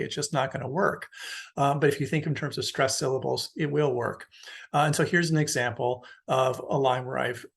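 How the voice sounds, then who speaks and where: Male university lecturer, gravelly and a bit husky, relaxed explanatory delivery. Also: medium pitch. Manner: explanatory, casual with fillers. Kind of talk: recorded lecture.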